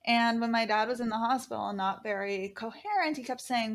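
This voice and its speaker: Animated woman telling a story, fairly high voice. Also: normal speed, few pauses. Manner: animated, acts out quoted voices, swears freely. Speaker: podcast guest. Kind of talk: casual storytelling.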